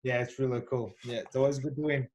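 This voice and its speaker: Talking fast in a medium-pitched, somewhat mellow voice with fairly even intonation, this Australian man recounts his kickboxing fights for an interviewer. The storytelling is animated and self-assured, peppered with fillers and false starts.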